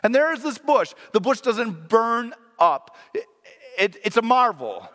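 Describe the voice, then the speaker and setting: A man's voice: extremely high pitch, big pitch swings, measured pace, fairly bright tone, long reverb tail. A man preaching a sermon in an earnest, reflective way, sometimes correcting himself mid-sentence.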